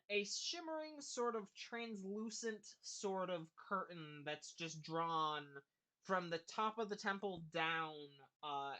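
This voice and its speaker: A game master narrating a tabletop game scene in a rambling way, full of pauses and restarts. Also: mid-range voice, pushed and bright. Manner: rambling, many fillers and restarts.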